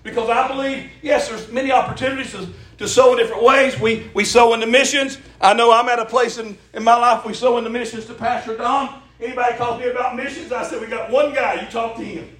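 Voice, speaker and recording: A middle-aged man preaching a sermon, folksy and impassioned, calling for the congregation's answers and rising to shouts. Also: extremely high pitch, steady tone, quick pace, hardly any pauses, roomy sound. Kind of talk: sermon with call and response. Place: church.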